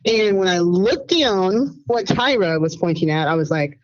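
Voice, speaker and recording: A woman in her fifties calling in anonymously, telling her story in an animated, rambling way and acting out what others said. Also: mid-range voice, unhurried, highs cut off. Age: 50s. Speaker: anonymous caller. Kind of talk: casual storytelling.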